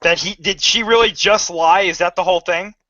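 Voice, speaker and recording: A man co-hosting a fan podcast, explaining his points quickly and with emphasis. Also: high voice, pushed and bright, dry recording. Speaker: podcast co-host. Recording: dry, lo-fi podcast audio.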